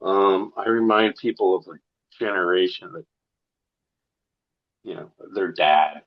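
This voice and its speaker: A man's voice: deep voice, a little slow, highs cut off. A man from St. Louis, a comedian guest on a podcast, telling profane stories with punchy asides. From St. Louis, USA. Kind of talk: casual podcast chat.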